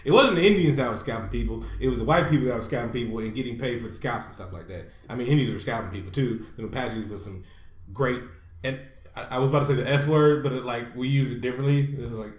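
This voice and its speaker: A man co-hosting a podcast, ranting in casual chat, animated and profane, laughing as he talks. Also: medium pitch, roomy sound. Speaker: podcast co-host.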